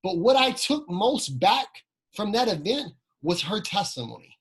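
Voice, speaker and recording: A man's voice: high-pitched, very animated, measured pace, slightly rough, low-quality recording. A man giving a motivational training talk, telling personal stories, asking the audience questions and repeating key phrases.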